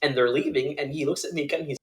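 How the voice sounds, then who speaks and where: A man's voice: a little high, rapid-fire. A young man, a podcast co-host, tells a funny story in casual chat, laughing often and acting out the people he quotes.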